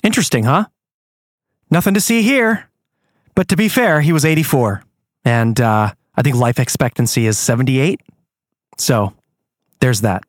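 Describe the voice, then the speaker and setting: A man's voice: mid-range voice, normal speed, long pauses, no echo, clean studio sound. A man hosting his own show, ranting angrily with plenty of swearing. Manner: angry, profane, animated. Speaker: podcast host. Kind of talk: ranting monologue.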